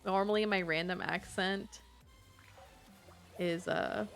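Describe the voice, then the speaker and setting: A woman's voice: medium pitch, fairly even intonation, slow, gravelly, faint music behind. A young woman streamer chatting casually to her live audience, giggling and answering chat as she plays. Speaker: Twitch streamer.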